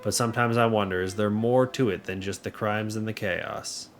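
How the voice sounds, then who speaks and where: A grieving frontier mother who muses slowly and speaks softly, read aloud by a man. The voice stays fairly low, with a faint hum of noise behind it. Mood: wistful.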